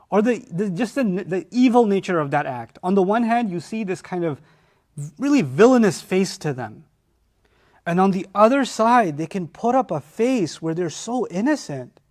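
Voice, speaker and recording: A man teaching a Quran study lecture, animated and often acting out quoted lines. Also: high-pitched.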